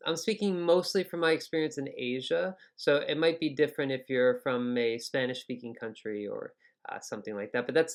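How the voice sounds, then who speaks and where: A man, teaching a relaxed, chatty spoken lesson with plenty of fillers and pronunciation demonstrations. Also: medium pitch. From New York area, USA. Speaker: English teacher.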